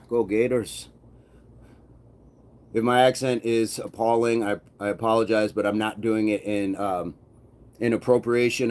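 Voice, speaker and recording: A man's voice: lowish voice, darkish tone. A man hosting a fitness livestream, chatting casually and reading out viewer comments in an easygoing, rambling way. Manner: easygoing, rambling with many fillers. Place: home gym.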